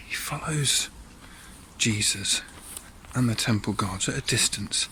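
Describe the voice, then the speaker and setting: Low-voiced guy doing a church all-age talk, tells the story chatty, acts out voices. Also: measured pace, noisy background. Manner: chatty storytelling with asides to listeners.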